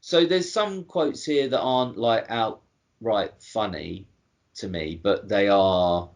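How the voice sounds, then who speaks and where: A man chatting easily as a podcast co-host. He talks in a relaxed way, pausing on fillers now and then. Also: fairly low pitch. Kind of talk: casual chat.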